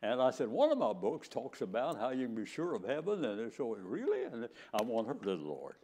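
A man's voice: mid-range voice, very animated, brisk, a little mellow, a little hiss or hum. An older man preacher telling folksy stories in a sermon, acting out the dialogue. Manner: folksy anecdotes with acted-out dialogue. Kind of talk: sermon storytelling.

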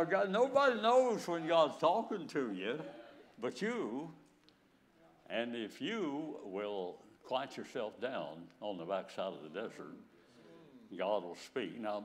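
Elderly preacher man with lively pitch. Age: 90s. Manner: storytelling, chuckles often, dramatizes scripture. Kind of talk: sermon.

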